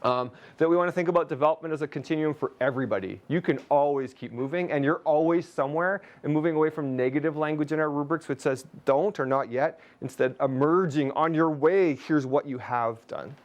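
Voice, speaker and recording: A man's voice: a little high, fairly quick, few pauses. A man from Canada leading a teacher webinar on a video call, chatty, with jokey asides to his audience. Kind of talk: webinar presentation.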